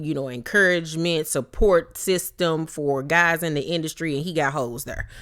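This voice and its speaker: A woman casually recapping a reality show, blunt and profane, slipping into quoted voices as she retells scenes. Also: low-pitched.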